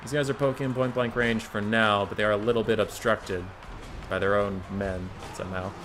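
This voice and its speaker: Chatty, low-voiced male game caster. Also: steady tone, brisk, a bit bright, soft background music. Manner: chatty, digressive, talks to chat viewers. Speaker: tournament caster and streamer. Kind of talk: live-streamed strategy game commentary.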